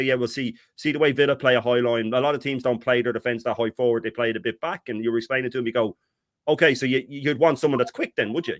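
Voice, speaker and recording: A man's voice: medium pitch, fairly bright tone, no room sound, studio quality. Exasperated man ranting on a fan show. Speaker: co-host. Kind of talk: heated fan talk.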